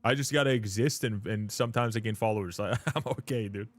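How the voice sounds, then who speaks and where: A man's voice: lowish voice, fast talker, no room sound, faint music behind. A man chatting loosely on a live stream. He swears freely, laughs often and keeps calling people dude and brother. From Canada. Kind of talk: casual live-stream chat.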